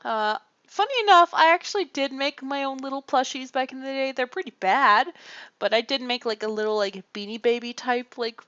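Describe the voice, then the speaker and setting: A woman's voice: sits high, fairly quick, a bit bright, smooth, dry recording. A woman from Canada chatting casually on a livestream, rambling and self-deprecating and often laughing. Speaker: streamer. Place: home room. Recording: muffled lo-fi mic.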